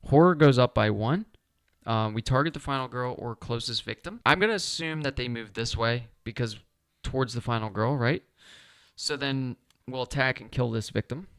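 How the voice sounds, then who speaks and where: A man's voice: mid-range voice, normal speed, fairly bright tone, clear, resonant tone, no echo, studio quality. A man talking himself through a solo board game playthrough, chatty and upbeat as he explains each move.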